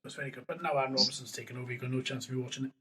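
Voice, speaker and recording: A Welshman with a broad Swansea accent hosts a loose, casual podcast chat. He banters, laughs often and swears freely, in a voice of ordinary pitch for a man. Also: level tone, very fast, sharp tone. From Wales. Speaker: podcast host.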